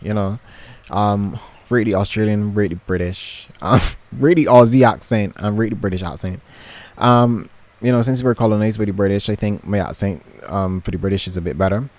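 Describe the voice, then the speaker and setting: Heard in a dry recording, a young Barbadian man with a slightly mellow voice on the low side chats to camera at normal speed from his bedroom. His Barbadian-accented vlog talk rambles, peppered with ums and restarts.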